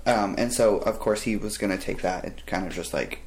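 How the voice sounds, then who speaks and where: Animated young trans man telling stories. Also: lowish voice, fairly quick. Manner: animated storyteller, laughs often. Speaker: podcast host. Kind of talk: casual chat.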